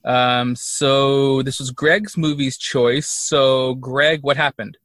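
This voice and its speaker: A man's voice: mid-range voice, steady tone, slow, a bit bright, no room sound, studio quality. A man hosting a casual podcast chat, rambling with lots of fillers and easy laughs. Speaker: podcast host.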